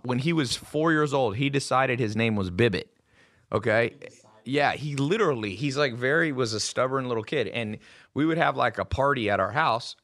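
A man's voice: medium pitch, a bit bright. Brash, swearing male podcast host. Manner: brash storytelling, swears freely. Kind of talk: casual chat. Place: studio table with guests.

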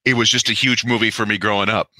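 A man's voice: lowish voice, fairly even intonation, quick pace, pushed and bright, dry recording. A man co-hosting a podcast in casual chat, easygoing with self-deprecating humor.

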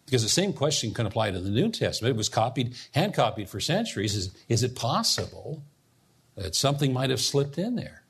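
A man's voice: medium pitch, big pitch swings, a little fast, gravelly, fairly bright tone, husky. A man preaching a sermon as pastor, teaching earnestly and putting questions to his congregation.

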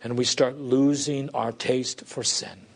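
A man preaching a sermon with fervor, rising to pleading questions and dropping low and quiet to drive points home. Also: fairly even intonation, slow.

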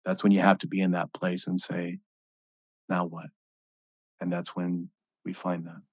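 Male host, very low and even voice, reflective, dry close mic. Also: husky, no echo. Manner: slow, reflective, steady. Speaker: podcast host. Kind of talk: interview conversation.

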